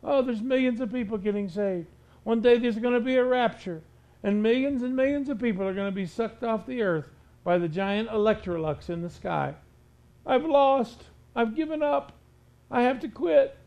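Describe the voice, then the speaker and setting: A man's voice: very high voice, moderate pace, darkish tone, voice pushed up, rough recording. A man voicing the devil as a self-pitying loser, wailing in mock despair. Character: whining defeated devil, male, self-pitying.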